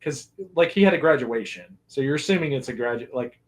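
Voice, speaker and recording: A man's voice: mid-range voice, lively intonation, brisk. A man hosting a casual movie commentary podcast, laughing often and rambling through asides. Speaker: podcast host.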